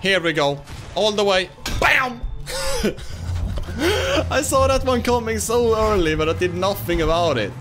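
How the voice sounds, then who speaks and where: A young man giving excitable let's-play commentary, laughing and shouting at wins and fails. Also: sits high, unhurried, music in the background. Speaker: gaming YouTuber.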